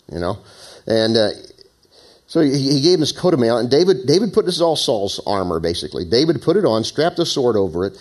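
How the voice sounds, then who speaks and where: Male pastor, sermon, dramatic scripture reading mixed with casual asides. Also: on the low side. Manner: conversational, asides to the congregation; dramatic reading with raised emphasis.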